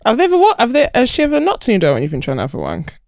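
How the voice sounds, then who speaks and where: A woman's voice: a little high, wildly swooping pitch, rapid-fire, dry recording, studio quality. A young woman co-hosting a podcast in casual chat, reflective but with crude humour. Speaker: podcast co-host.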